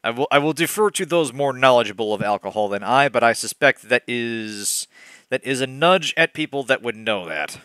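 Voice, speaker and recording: A man's voice: medium pitch, lively intonation, moderate pace, fairly bright tone, no room sound, clean studio sound. A young man hosting a comic book-reading game, with wry, digressive asides. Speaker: let's-play host reading a bad novel.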